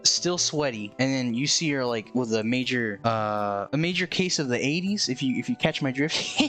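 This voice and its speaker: A man's voice: medium pitch, lively intonation, moderate pace, a bit bright, faint music behind. Rambling jokey man recapping a movie. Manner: rambling, filler-heavy, jokey. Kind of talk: casual comedic movie recap.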